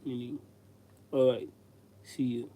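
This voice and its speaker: Slow, mellow male streamer. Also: medium pitch, steady tone. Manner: rambling, chatting with viewers. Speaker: live streamer. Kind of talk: casual stream chat.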